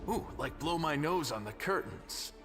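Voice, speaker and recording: An actor playing a crude, mischievous scaly rogue in a video game, with a sly, impish delivery. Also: male voice, a little high, lively intonation, a little slow. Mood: gleeful. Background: game music.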